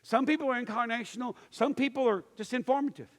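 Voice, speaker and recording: Pastor guy teaching a class, high voice, lots of uh and restarts, does the voices in his stories, echoey hall. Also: quick pace. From Pittsburgh area. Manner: storytelling, acts out voices, many restarts and fillers. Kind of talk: teaching talk to a church class. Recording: long hall reverb.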